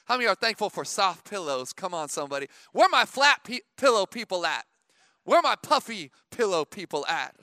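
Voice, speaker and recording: Pastor, male, middle-aged: a high, bright voice with a dry, close sound, preaching conversationally with emphatic calls to the church. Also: very animated, normal speed, no room sound. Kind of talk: sermon.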